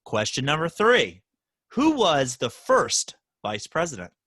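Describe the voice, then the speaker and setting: A man hosting a casual podcast, quizzing his guest with teasing, animated banter. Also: fairly high pitch, a little slow, dry recording. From Baltimore, Maryland. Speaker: podcast host.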